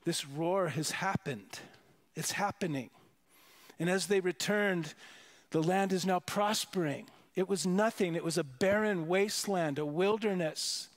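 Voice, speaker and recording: This sermon comes from a pastor at a worship service, his high male voice moving at a measured pace. He's earnest and forceful, doubling back on phrases and repeating words.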